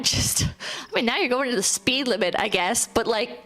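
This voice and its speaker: A woman streamer talks in a slightly high voice. She tells her story in an animated, foul-mouthed rant full of "like." She breaks off now and then to read viewer messages aloud. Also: moderate pace, a little hiss or hum. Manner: animated, profane, ranting with frequent "like" fillers; reads viewer messages aloud between stories. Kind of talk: casual live-stream storytelling.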